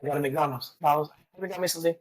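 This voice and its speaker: Woman, rapid-fire storyteller, husky voice, lots of cursing, imitates people she quotes. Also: sits low, low-quality recording. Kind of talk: casual storytelling chat.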